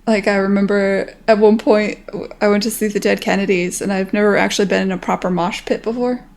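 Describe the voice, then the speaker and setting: A woman's voice: mid-range voice, steady tone, a little fast, a little mellow. An American woman in her thirties, a game developer chatting casually on a stream in a rambling way, swearing freely.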